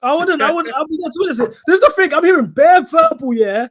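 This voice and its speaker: A high-pitched man with a London accent talks very quickly in casual football banter. His tone stays mock-indignant and teasing. His voice sounds bright and edgy. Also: expressive, no room sound, clean studio sound. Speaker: guest football pundit.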